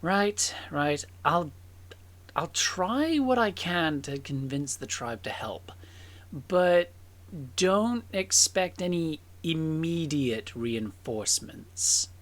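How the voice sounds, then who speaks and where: A woman's voice: sits low, lively intonation, takes it slowly. A woman voicing a flustered bookish woman in glasses. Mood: weary. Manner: flustered, stammering. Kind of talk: tabletop role-play in character.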